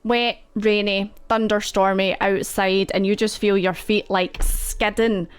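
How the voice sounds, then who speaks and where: A woman's voice: mid-range voice, little pitch movement, a little slow, clean tone. A woman game master narrating a tabletop horror game in a loose, rambling way with many fillers and asides.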